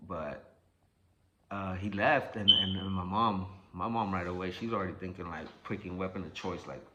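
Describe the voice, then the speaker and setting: A young man casually telling a personal story, animated and profane, acting out what people said. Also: deep voice, moderate pace, highs cut off, a little hiss or hum. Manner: animated, profane, acts out quotes.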